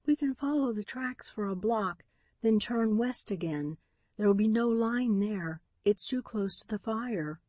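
A resolute young woman caught in a dangerous crisis, as a female audiobook narrator puts her on. She speaks in urgent, breathless bursts, noticeably higher than the narration. The recording is dry and close. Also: expressive, unhurried, dark tone, no room sound. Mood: breathless urgency.

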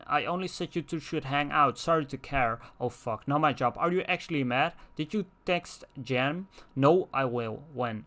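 A young Dutch-speaking man narrates his gameplay casually in a medium-pitched, fairly bright voice. Reading the game's text messages aloud, he peppers them with crude humor and asides.

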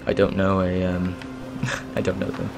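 A man's voice: deep voice, monotone, unhurried, faint music behind. A man doing casual let's play commentary, rambling along with sudden exclamations. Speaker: gaming YouTuber.

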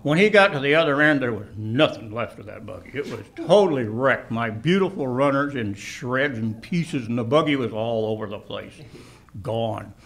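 An older man telling a personal anecdote in an animated way, laughing and shouting at the exciting moments. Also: mid-range voice, normal speed. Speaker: storyteller.

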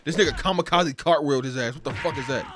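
A man's voice: a little high, quick pace. A man giving casual, profane gameplay commentary and trash-talking the game's fighters as he plays. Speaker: gaming channel host. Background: game music.

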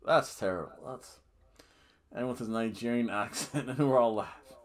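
A man hosting a casual wrestling review podcast, rambling and animated, often laughing and booing in mock outrage. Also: medium pitch, moderate pace. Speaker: podcast host.

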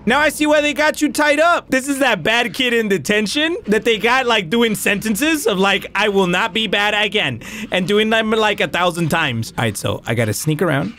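A man giving excitable, profane let's-play commentary on a game, slipping into Spanish slang now and then. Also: very high-pitched, a little hiss or hum. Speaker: gaming YouTuber. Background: game music.

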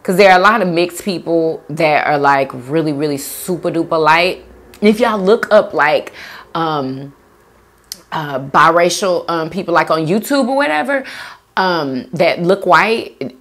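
A woman's voice: low voice, animated, unhurried, a bit bright. A young woman hosting a food video, casually chatting as she reads out viewer comments, laughing often and talking in easygoing slang. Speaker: mukbang host reading viewer comments. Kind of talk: casual chat reading out comments.

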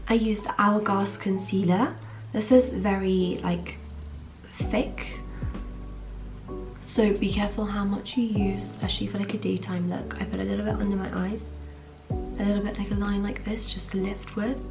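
A trainee surgeon from London in her twenties vlogs casually while getting ready at home, upbeat and full of "like" fillers. She speaks at normal speed in a groggy morning voice of medium pitch with fairly even intonation, over music, and the audio is poor.

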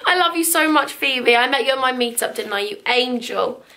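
A young woman from England talks straight to her viewers in a vlog, gushing and close to tears. Her fairly high voice has a gravelly fry running through it, and her emotion spills over into every thank-you. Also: normal speed, sharp tone, a little hiss or hum. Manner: gushing, tearful, effusive. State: teary. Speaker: vlogger.

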